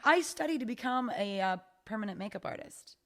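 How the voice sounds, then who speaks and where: Middle-aged woman, esthetician guest, casual podcast chat, lively storyteller. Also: on the high side, fairly quick, background noise. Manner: chatty, animated storyteller who acts out voices.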